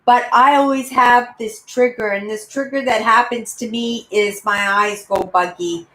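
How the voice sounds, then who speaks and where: A woman in her sixties, host of a casual live-stream chat, who rambles and keeps adding "right?" and calls herself a loud talker. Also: a little high, steady tone, measured pace. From Canada. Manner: self-described loud talker. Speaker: channel host. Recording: roomy echo.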